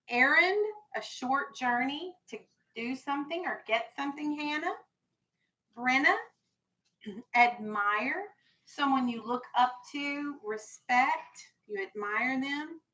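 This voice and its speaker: A woman's voice: high-pitched, animated, slow pace, sharp tone, low-quality recording. A woman teaching a classroom vocabulary lesson, firm and explanatory, stressing key words.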